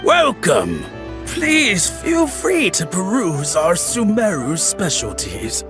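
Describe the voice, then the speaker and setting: A man's voice: high-pitched, huge pitch swings, slow pace, full character voice. An actor playing a polite, salesman-like shop assistant in a video game. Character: courteous male shop assistant. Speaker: game character. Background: music.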